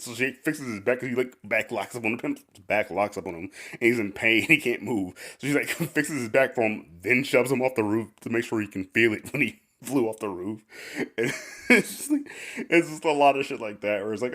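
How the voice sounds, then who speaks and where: Fast-talking man, rambling casual recap. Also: medium pitch, fairly bright tone. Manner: rambling, says "like" constantly, laughs often. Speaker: podcast host. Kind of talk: casual chat recapping a cartoon.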